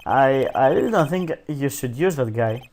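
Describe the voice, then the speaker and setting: A man's voice: medium pitch, expressive, normal speed, a little mellow, a little hiss or hum. A man reading a courtroom video game's dialogue aloud, casual and self-mocking, peppering it with "dude" and "like". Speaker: let's play commentator. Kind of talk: reading game dialogue aloud with jokey asides.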